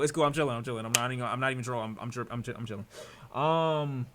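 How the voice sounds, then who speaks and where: Excitable young streamer from Detroit. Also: male voice, mid-range voice, racing, heavy background noise. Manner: excitable, swearing, jumps from mutters to loud outbursts. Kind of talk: live-stream reaction commentary.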